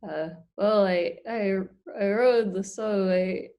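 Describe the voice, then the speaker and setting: Woman doing a deadpan alligator puppet. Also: medium pitch, slow, smooth. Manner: deadpan, flat and hesitant.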